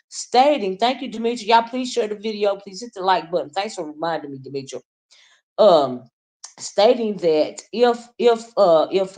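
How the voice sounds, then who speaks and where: A woman with a twang hosts a casual livestream. Her voice sits a little low. She talks in loose, rambling asides and keeps calling out to her viewers by name. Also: a little mellow. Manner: chatty, greets viewers by name, drawn-out asides. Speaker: livestream commentator. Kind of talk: casual live-chat commentary.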